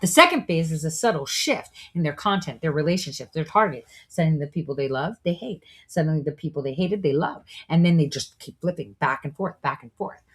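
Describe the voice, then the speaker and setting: A woman's voice: low voice, lively intonation, fairly quick, few pauses, breathy edge. A woman hosting a show, delivering a preachy, profane monologue full of rhetorical asides. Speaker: show host. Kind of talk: monologue commentary.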